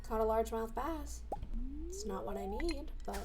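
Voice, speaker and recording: A young woman streaming live, chatting casually, bubbly and excitable with sudden squeals. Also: high-pitched, normal speed, slight background noise.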